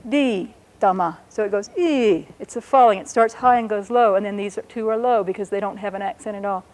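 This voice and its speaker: A woman teaching a language lesson, explaining patiently and sounding out words slowly and carefully. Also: medium pitch, steady tone, darkish tone.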